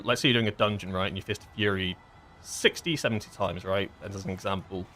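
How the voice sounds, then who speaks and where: A man's voice: fairly low pitch, fairly bright tone, slight background noise. A man streaming a game and explaining mechanics in a casual, rambling way with lots of fillers. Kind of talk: casual gameplay commentary.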